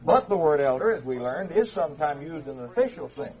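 A man teaching an evening Bible class in a church speaks in a fairly high voice. He is measured and conversational and sometimes stumbles and restarts. The sound is thin and narrow, like an old tape heard over a phone line. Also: very animated. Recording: tinny, narrow-band old tape recording.

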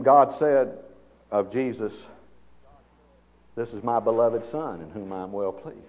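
A man preaching a sermon, swinging from hushed, slow phrases to loud, emphatic ones. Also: medium pitch. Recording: dull sound with long reverb.

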